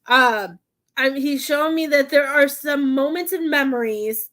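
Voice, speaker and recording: During a live-streamed psychic reading, a woman talks at a measured pace in a high-pitched, fairly bright voice. Her delivery is hesitant and meandering, packed with fillers, and she frequently chokes up emotionally.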